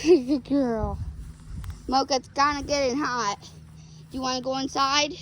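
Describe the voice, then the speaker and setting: A woman's voice: sits high, fairly even intonation, measured pace, fairly bright tone, poor audio. A woman dog sitting in a backyard, talking playfully to the dog in coaxing baby-talk, filmed on a phone. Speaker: dog sitter vlogger. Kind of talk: casual vlog talking to a dog. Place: backyard outdoors. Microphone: handheld phone. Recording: outdoor phone audio with background noise.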